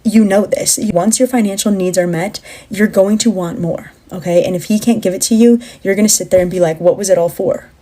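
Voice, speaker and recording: A woman speaks straight to her viewers, warning and lecturing them in a firm, steady way. Her voice is dark and mellow, sitting at an average pitch. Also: fairly quick, few pauses. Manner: direct, admonishing, addresses viewers. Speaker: social media commentator.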